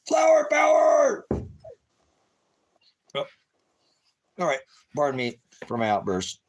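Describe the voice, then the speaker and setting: A man's voice: mid-range voice, moderate pace. A man hosting a rambling livestream, cracking jokes, swearing freely and urging viewers to act. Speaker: livestream host. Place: high desert home.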